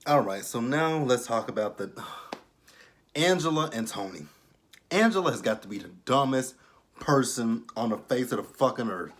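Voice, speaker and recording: A man's voice: medium pitch, expressive, normal speed. A man giving casual, blunt, profane commentary on a reality TV episode. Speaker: reality TV reviewer.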